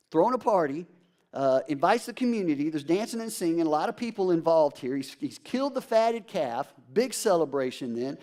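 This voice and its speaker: A man's voice: fairly high pitch, darkish tone. A man preaching a sermon as a pastor, emphatic and conversational, addressing the congregation directly.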